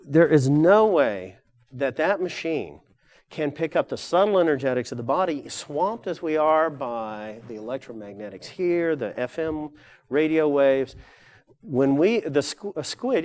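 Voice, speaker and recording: Older man, lecturer, mid-pitched voice, rambling, lots of fillers, corrects himself. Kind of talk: live lecture to an audience. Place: lecture room with audience.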